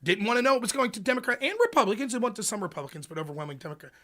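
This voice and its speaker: A man hosting a livestream, talking politics in an animated, profane rant. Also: high-pitched, very fast. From United States. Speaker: livestream host. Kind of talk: casual political chat.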